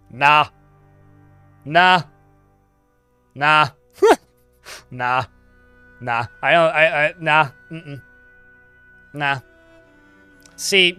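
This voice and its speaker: Man, game streamer, rambling casual chat, animated swoopy delivery, clear smooth voice, faint music behind. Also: fairly high pitch, no echo. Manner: rambling, heavy on filler words. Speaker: livestreamer. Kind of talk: casual live gameplay chat.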